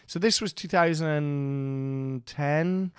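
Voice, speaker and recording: A man's voice: fairly high pitch, drawn-out words, smooth, no echo, studio quality. A Welsh man hosting a podcast, telling a rambling, sweary, self-mocking story in casual chat. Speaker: podcast host.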